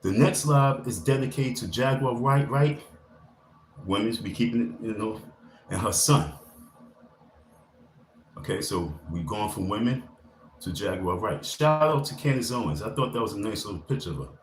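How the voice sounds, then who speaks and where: This livestreamer has a lowish, expressive voice and talks at a moderate pace with long pauses. He rambles through a loose, slangy motivational pep talk on a casual stream. He's in an indoor room that sounds echoey, with faint ambient noise.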